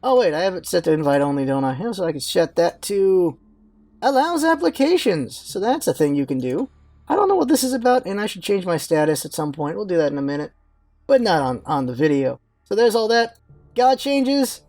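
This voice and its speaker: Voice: medium pitch, big pitch swings, brisk, darkish tone, no echo. A gaming channel host giving rambling, offhand casual commentary while browsing game menus.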